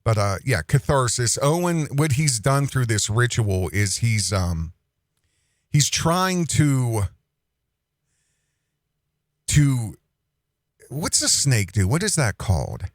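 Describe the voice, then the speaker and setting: A man hosts an online commentary show in a loose, mocking manner, circling back to repeat his points. His pitch swings about a lot as he talks. The recording is dry and close. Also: big pitch swings, slow pace, long pauses, no echo. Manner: mocking, rambling, repeats phrases.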